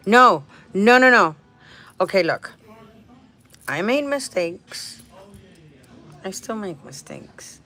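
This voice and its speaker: A woman's voice: lowish voice, lively intonation, slow pace, pauses often, sharp tone, soft background music. A woman vlogger talking casually and rambling, with frequent restarts, laughing often and dropping in Spanish phrases, in a restaurant. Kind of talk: casual vlog chat.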